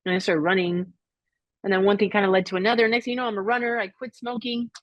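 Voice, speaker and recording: A middle-aged woman recounts her own story as a podcast guest, speaking slowly and reflectively with halting pauses and moments where she is near tears. The sound is dry and close, with no room echo. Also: mid-range voice, little pitch movement, dull audio. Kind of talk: emotional personal storytelling.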